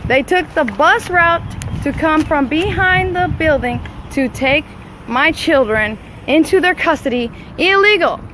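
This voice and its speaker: A woman's voice: sits high, lively intonation, unhurried, poor audio. Insistent woman livestreaming outdoors. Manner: urgent, insistent, repeats demands. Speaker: mother livestreaming a confrontation. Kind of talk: live phone stream. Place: outdoors behind a school. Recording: loud outdoor street noise.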